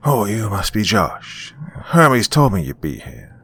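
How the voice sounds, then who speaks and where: A man's voice: fairly low pitch, big pitch swings, unhurried, a bit bright, breathy edge, full character voice. A man voicing a friendly, wry old man in a spoken story, talking in an easygoing, chummy way.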